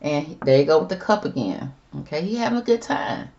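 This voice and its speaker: Sassy woman reading tarot cards, low voice, kinda dull lo-fi sound, talks to the viewers like her girls. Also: big pitch swings, a little fast, noisy background. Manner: chatty, sassy, addresses viewers as girl and y'all. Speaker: tarot reader. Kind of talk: casual tarot reading monologue.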